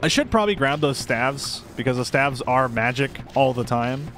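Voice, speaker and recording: A man's voice: medium pitch, animated, normal speed, a bit bright, faint music behind. Chatty young man commenting on gameplay. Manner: chatty, self-deprecating, rambling asides.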